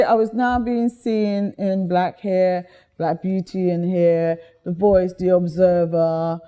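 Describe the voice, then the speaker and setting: Lively woman guest, mellow tone, animated storytelling. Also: lowish voice. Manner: lively, chatty, slips into voices while telling stories.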